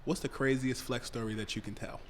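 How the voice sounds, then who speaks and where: A man's voice: mid-range voice, fairly even intonation, slight background noise. A man co-hosting a podcast, asking playful questions in casual chat. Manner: playful, quick questions with laughter. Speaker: podcast co-host.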